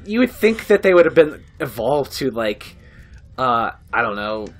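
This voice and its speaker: A laid-back man trading casual banter over a game playthrough. His pitch rises and falls a lot as he talks, and he swears freely and laughs often. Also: very animated, a little slow.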